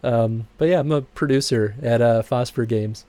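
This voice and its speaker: A chatty male streamer talks to his viewers in a relaxed, rambling way and laughs often. His voice sits in an ordinary middle register but jumps up when he gets excited. The recording is close and dry, with no room sound. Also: mid-range voice, moderate pace, no echo. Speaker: streamer and game producer. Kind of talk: casual livestream chat over game credits.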